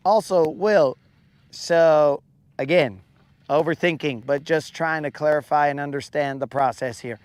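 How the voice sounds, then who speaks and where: A man's voice: a little high, unhurried, a little mellow, dry recording. A man hosting a live fishing stream from a boat on a lake, chatting casually with his viewers in a rambling, jokey, self-mocking way. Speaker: fishing livestream host.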